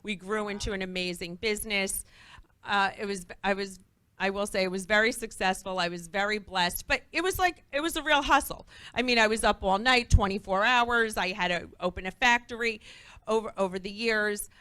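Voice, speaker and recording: A woman talks as a guest on a talk show, her voice bright and forceful. She tells stories animatedly and acts out what others said. The sound is dry and close. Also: medium pitch, normal speed, smooth, no room sound. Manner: animated, acts out quoted dialogue. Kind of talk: lively storytelling talk-show interview. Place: studio before live audience.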